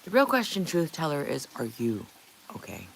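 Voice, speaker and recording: A Canadian woman in middle age runs a laid-back livestream, speaking at normal speed in a low, creaky voice whose pitch swoops wildly, over slight background noise. Blunt with viewers, she swears without restraint and laughs frequently.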